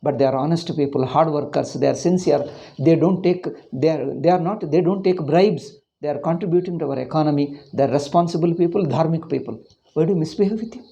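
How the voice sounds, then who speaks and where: A man with an Indian English accent gives an informal Sanskrit class lecture, ranting with emphasis before explaining word meanings one by one. His voice is a little high with a dark tone, and the sound is lo-fi.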